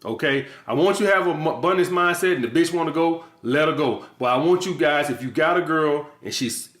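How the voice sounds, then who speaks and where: A man's voice: a little high, brisk, fairly bright tone. A man acting as a dating coach, giving blunt, profane advice in a casual monologue and hammering points home through repetition. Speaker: dating coach and channel host. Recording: echoey room.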